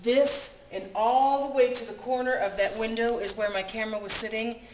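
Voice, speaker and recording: A woman's voice: fairly high pitch, normal speed. Woman telling a breathless story in a roomy cabin. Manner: animated, breathless retelling; repeats phrases for emphasis. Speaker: vlogger recounting an experience. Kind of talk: casual storytelling. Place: cabin room. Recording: roomy room with clear background noise.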